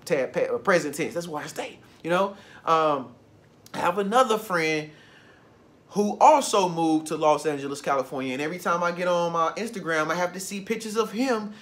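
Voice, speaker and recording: Man, high voice, casual motivational vlogger who repeats key phrases. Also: moderate pace, fairly bright tone. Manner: loose, conversational, repeats phrases for emphasis. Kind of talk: motivational talk to camera.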